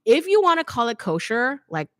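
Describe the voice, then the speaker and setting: A woman in her thirties hosting a live Q&A stream, a chatty, animated storyteller who keeps adding "okay?". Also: fairly high pitch, moderate pace, dry recording, studio quality. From United States. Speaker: host of a fashion design channel. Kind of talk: live Q&A stream, casual chat.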